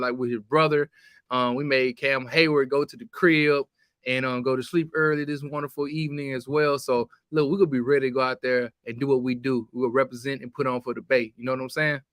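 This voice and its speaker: A man's voice: medium pitch, fairly bright tone, no echo, clean studio sound. A man co-hosting a casual live sports chat, laid-back and slangy, with some trash talk. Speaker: co-host.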